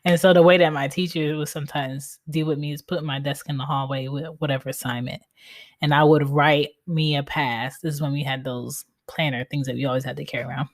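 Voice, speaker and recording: Blunt, low-voiced woman podcaster swearing freely. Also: level tone, brisk. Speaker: podcast host. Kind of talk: casual solo podcast monologue. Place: home.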